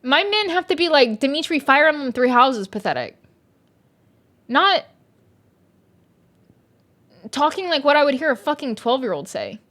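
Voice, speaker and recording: A young woman streams into her mic with a slightly high voice. She rants about a book in casual chat, exasperated and sarcastic, with plenty of swearing. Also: big pitch swings, normal speed, pauses often, fairly bright tone. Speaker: VTuber streamer reviewing a book.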